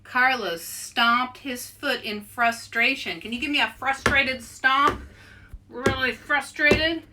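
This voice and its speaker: Animated woman leading a kids' read-aloud. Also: high voice, takes it slowly, very noisy. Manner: animated, playful, coaxing listeners to join in. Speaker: children's book author. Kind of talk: interactive read-aloud for children.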